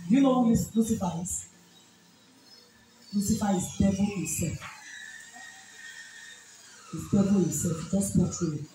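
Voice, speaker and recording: In a deliverance ministration, a woman pastor with a Nigerian accent keeps issuing rebuking commands. Her mellow, medium-pitched voice moves at a normal speed with lively intonation and frequent pauses. It's captured from a distance in an echoing church hall, music in the background.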